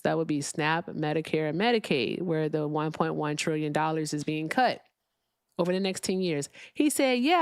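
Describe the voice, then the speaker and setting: A woman's voice: on the low side, clean tone, no room sound, studio quality. A woman hosting a live political stream, ranting bluntly and reading viewer comments aloud. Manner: blunt, profane, ranting, reads super chats aloud. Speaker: livestream political talk host.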